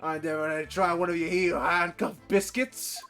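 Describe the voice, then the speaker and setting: A man's voice: high voice, flat delivery, unhurried, sharp tone, soft background music. A man voicing a blustering middle-aged prison governor with a Scottish accent, reading game dialogue aloud. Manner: brusque, blustering.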